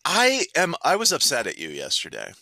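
A man co-hosts a casual podcast, keeping things moving between segments. His voice is bright and swings widely in pitch. It sounds dry and close, with no room echo. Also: normal speed, creaky. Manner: lively, laughs often, moves segments along. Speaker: podcast co-host. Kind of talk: casual chat.

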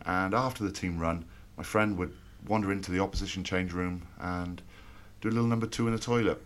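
A man, former rugby player, co-hosting a podcast and reminiscing in relaxed chat. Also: low-pitched, fairly quick. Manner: relaxed reminiscing, teasing asides.

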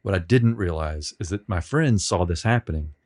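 A man being interviewed on a podcast, telling rambling, self-deprecating stories with many halting restarts. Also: deep voice, animated, a little mellow. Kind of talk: casual storytelling.

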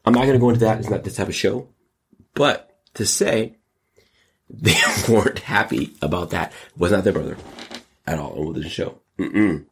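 A man hosts his own solo commentary show with a low, gravelly, husky voice. He talks in a hyped, exclamatory way. His pitch leaps about, often jumping up to high squeals. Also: moderate pace. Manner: hyped, exclamatory, gasping and laughing, jumps to squeals. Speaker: show host.

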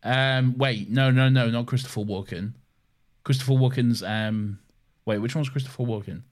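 A man co-hosting a laid-back podcast, talking in a playful, rambling way. He often drifts off and loses his thread. His voice sits in a middle pitch. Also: fairly even intonation, normal speed. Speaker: podcast co-host. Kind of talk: casual chat.

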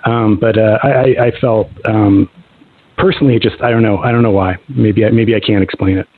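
Husky, stammering co-host. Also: male voice, on the low side, fairly even intonation, brisk. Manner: hesitant, stammering restarts. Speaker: stream co-host. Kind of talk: call-in chat on a live stream. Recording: tinny phone-like sound.

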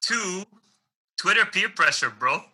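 A man's voice: high-pitched, lively intonation, slow pace, pushed and bright, breathy edge, low-quality recording. A man co-hosting a football podcast, chatting casually with slang and an easy manner. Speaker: podcast co-host.

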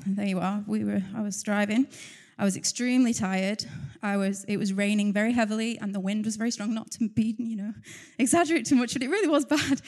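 Her voice is medium-pitched and a little mellow. Speaking at church, this woman offers a heartfelt testimony in a chatty way, laughing lightly and keeping the talk flowing so there's never a quiet moment.

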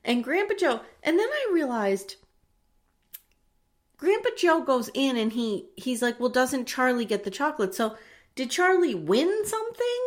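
A woman co-hosting a casual chat, retelling a movie with lively acted-out voices and frequent swearing. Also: high voice, measured pace. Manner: animated storyteller acting out movie scenes, swears freely. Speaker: podcast co-host.

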